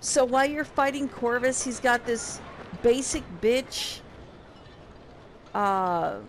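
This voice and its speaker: Young woman, sarcastic game rant, profane, slow delivery, faint background noise. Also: fairly high pitch. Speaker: game reviewer. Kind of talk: casual ranting game recap.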